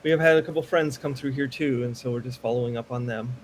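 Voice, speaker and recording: A man's voice: mid-range voice, fairly even intonation, quick pace, a little hiss or hum. Hesitant man playing a tabletop character. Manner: hesitant, casual, polite. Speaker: player.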